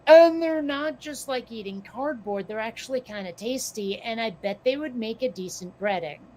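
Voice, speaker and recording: A woman chatting casually as a podcast co-host, slightly hoarse from losing her voice, musing and questioning herself as she talks. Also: on the high side, normal speed, a little mellow. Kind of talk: casual chat.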